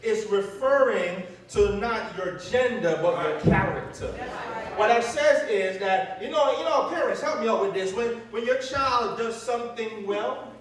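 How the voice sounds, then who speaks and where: A man preaching a call-and-response sermon, animated, stopping so the congregation fills in the words. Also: sits high, a little slow. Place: church sanctuary with congregation. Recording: echoey church from far off, crowd.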